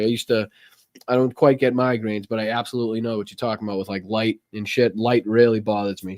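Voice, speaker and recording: A man's voice: on the low side, darkish tone, no echo, studio quality. Profane rambling Boston-accented man. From Massachusetts, USA. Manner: profane, rambling, laughs often. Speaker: host of a live politics stream. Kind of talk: casual live-stream chat.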